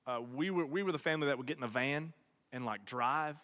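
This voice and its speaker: Animated male storyteller at a student event, high and bright, keeps tagging lines with "okay?", big hall reverb. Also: fast. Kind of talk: comic storytelling talk.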